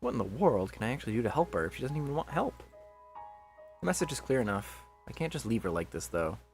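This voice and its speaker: Expressive man reading a visual novel aloud. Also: mid-range voice, quick pace, soft background music. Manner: expressive, chatty, breaks off into jokey asides. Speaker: visual novel reader, channel host.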